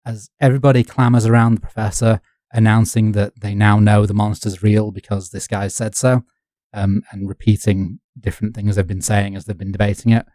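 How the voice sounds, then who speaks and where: A man's voice: lowish voice, level tone, brisk, warm tone, no echo. A man from the north of England, co-hosting a casual history podcast with dry, wry humour. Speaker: podcast co-host.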